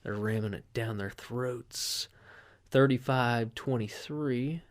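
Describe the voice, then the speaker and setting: A man's voice: medium pitch, slow pace. A man hosting a podcast, chatting casually and rambling through sports scores and a profane anecdote. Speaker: podcast host.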